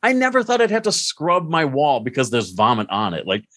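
A man's voice: mid-range voice, wildly swooping pitch, a little fast, fairly bright tone, no room sound. A man hosting a casual podcast, trading chatty, laughing anecdotes with his guest. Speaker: podcast host.

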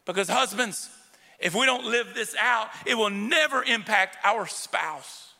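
A male preacher delivers an emphatic sermon, calling out to the congregation again and again. His voice sits high and carries a gravelly edge. It rings with long reverb through the sanctuary. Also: animated, a little slow, bright, forceful tone. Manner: emphatic, direct calls to the congregation. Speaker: pastor. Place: church sanctuary with a live congregation. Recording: long church hall reverb.

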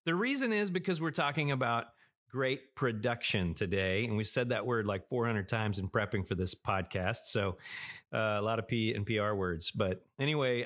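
A man's voice: medium pitch, a bit bright. A man hosting a podcast in casual chat, joking and laughing easily with his guest. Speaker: podcast host.

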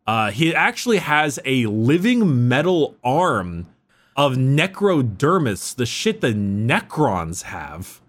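A man's voice: mid-range voice, very animated, slow pace. A man hosting a casual podcast, explaining lore in a rambling, profane way with many restarts.

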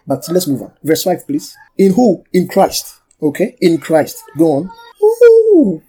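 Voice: medium pitch, measured pace, warm tone, slight background noise. A pastor preaching and teaching from the Bible, repeating key phrases for emphasis, calling for amens and asking the congregation to read aloud. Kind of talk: sermon and Bible study.

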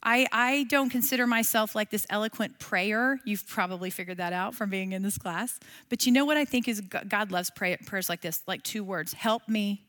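A woman's voice: mid-range voice, normal speed, few pauses, fairly bright tone. A middle-aged woman teaching a Bible class in a casual, conversational way, often asking her listeners questions.

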